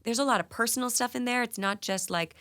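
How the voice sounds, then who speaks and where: A woman in her thirties with a bright, forward voice tells stories as a guest. She is from New England and is animated, laughing often and filling her talk with "like". She speaks into a studio microphone in a radio studio. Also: a little high, quick pace. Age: 30s. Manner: animated, laughing, lots of "like" fillers. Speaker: guest singer. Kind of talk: casual interview storytelling.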